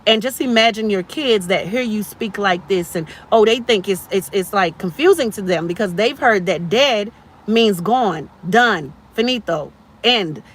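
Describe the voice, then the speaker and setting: A woman's voice: medium pitch, expressive, a little slow. A woman in her thirties hosting a motivational live stream, preachy and encouraging, repeating phrases for emphasis.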